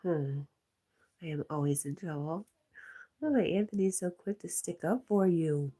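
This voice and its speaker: A woman hosting a livestream, reading out viewer comments in a casual, soft, often half-whispered way, with a stuffy nose. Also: lowish voice, a little slow. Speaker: livestream host.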